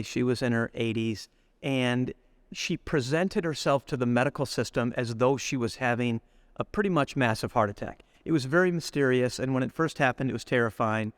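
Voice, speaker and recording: A middle-aged man giving a spiritual retreat reflection, deliberate and storytelling, slowing down to linger on lists of words. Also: medium pitch, dry recording. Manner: storytelling, acts out everyday speech. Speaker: retreat speaker.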